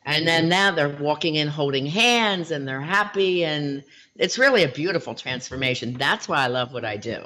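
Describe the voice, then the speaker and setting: A middle-aged woman, a relationship coach as guest, telling client stories in a lively, animated way. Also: deep voice, normal speed, slight background noise. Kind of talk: interview storytelling.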